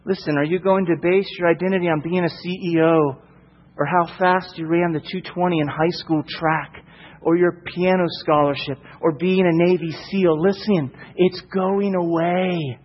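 A man's voice: high voice, fairly even intonation, normal speed, big-room sound, muffled recording. A male preacher delivering a sermon emphatically, with repeated rhetorical questions.

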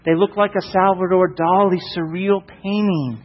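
A man's voice: sits high, steady tone, moderate pace, long reverb tail, muffled recording. A male preacher delivering a sermon emphatically, with repeated rhetorical questions.

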